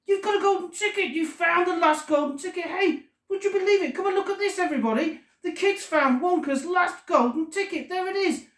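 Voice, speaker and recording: A woman doing a yelling, overjoyed shopkeeper. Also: extremely high pitch, a little fast, few pauses, pitched above the performer's own voice. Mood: ecstatic. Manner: yelling, frantic. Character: excitable shouting male shopkeeper, overjoyed. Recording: echoey room, far from the mic.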